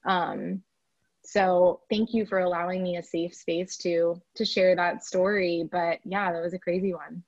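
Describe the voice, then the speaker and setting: A woman's voice: fairly low pitch, steady tone, unhurried, darkish tone, dry recording. Chatty woman telling a personal story. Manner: chatty, many fillers like "like" and "you know". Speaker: podcast guest. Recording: dry, slightly dull recording.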